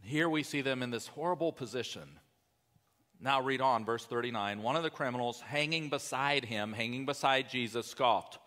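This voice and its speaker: Male pastor, bright forward tone, conversational sermon in a hall with a long echo. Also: mid-range voice, normal speed. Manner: conversational, emphatic preaching with asides.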